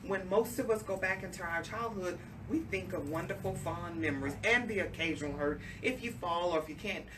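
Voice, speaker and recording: A low-pitched woman hosts an interview show, gushing and emotional as she talks to her listeners. She sounds set back from the microphone in a studio with a steady hiss of noise behind her. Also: fairly quick, hardly any pauses. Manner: effusive and emotional, addresses the audience directly. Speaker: talk show host. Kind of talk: interview chat. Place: radio studio. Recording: distant mic with clear background noise.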